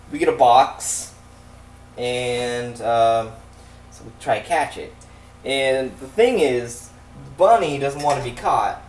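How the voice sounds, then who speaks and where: A man's voice: mid-range voice, darkish tone, a little hiss or hum. A young man telling a long, profane story in a loose, rambling way, with frequent laughs and asides, as casual commentary over a game. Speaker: let's play commentator. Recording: echoey room, mic at a distance.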